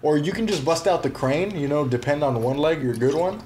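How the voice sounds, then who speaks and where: A man's voice: on the high side, fairly quick, darkish tone, slight background noise. A man co-hosting a podcast in casual chat, cracking jokes and teasing his partner. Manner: joking, teasing banter. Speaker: podcast co-host.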